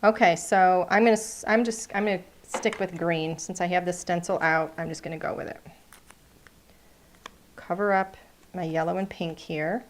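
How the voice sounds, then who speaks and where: Casting: chatty, playful woman craft-class host, slightly low voice, faint background hiss. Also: fairly even intonation, normal speed. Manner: chatty, playful, narrates each step. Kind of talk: live crafting demonstration.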